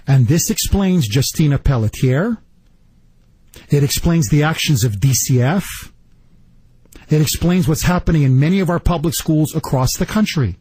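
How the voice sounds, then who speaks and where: A male political talk radio host rants in an indignant, rapid-fire monologue. His fairly high, slightly husky voice swings widely in pitch and sounds animated and a little mellow, recorded dry and close with no room sound.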